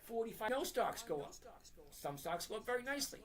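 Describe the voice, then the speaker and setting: Middle-aged guy hosting a trading stream, blunt and pushy, says stuff twice and slows way down to hammer it in. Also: very high-pitched, very animated. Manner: blunt, emphatic, repeats points slowly. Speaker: trading live-stream host. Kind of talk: live-stream chat and lecture.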